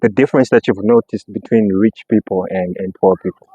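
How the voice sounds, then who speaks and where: A man's voice: on the low side, a little fast, husky, no echo. Chatty male podcast host, muffled dry recording. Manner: chatty, frequent listening sounds and restarts. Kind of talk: casual podcast chat.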